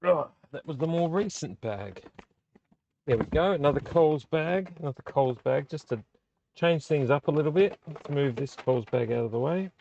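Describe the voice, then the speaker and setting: Gravelly man rambling about tapes. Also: on the high side, lively intonation, normal speed, warm tone, lo-fi sound, slight background noise. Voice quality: gravelly, rambling with many fillers. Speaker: vlog host. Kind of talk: casual live chat unboxing VHS tapes. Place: small home room.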